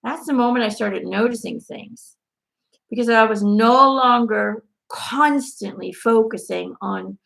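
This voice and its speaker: A woman's voice: a little high, measured pace, gravelly, fairly bright tone. A woman giving a live angel card reading in a casual, blunt way, swearing freely and laughing often.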